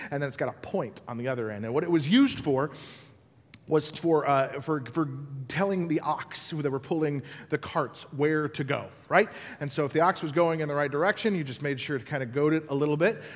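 A man preaching a sermon as pastor, telling the story with animated, acted-out scenes. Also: fairly high pitch, brisk, in a large hall. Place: church building.

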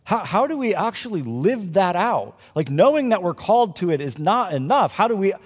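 Guy pastor preaching, kinda high voice, jokey asides, big loud bits then quiet, long hall echo. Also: big pitch swings, moderate pace, breathy edge. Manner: dynamic, swings between loud emphasis and quiet asides; conversational, jokey asides to the congregation. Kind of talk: sermon. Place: church service.

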